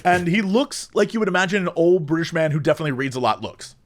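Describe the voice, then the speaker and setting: This is a young man with a fairly high voice that swoops all over the place as he chats on a podcast. He tells animated stories and mimics the people in them with little put-on voices. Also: fast talker. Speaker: podcast co-host. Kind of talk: casual chat.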